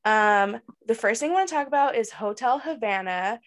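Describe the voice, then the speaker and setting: A woman co-hosting a podcast in casual chat, animated and laughing often, with many fillers. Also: fairly high pitch, moderate pace. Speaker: podcast co-host.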